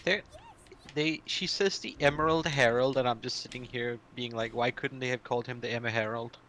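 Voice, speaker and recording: Man, gaming co-host, bright voice, playful teasing chat. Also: mid-range voice, steady tone, brisk, a little hiss or hum, poor audio. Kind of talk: casual gameplay banter.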